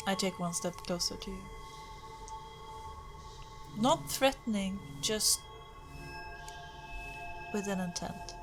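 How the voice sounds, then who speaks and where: A woman playing a tabletop role-playing game, speaking slowly and deliberately in character, with an intense manner. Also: medium pitch, music in the background. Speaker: player.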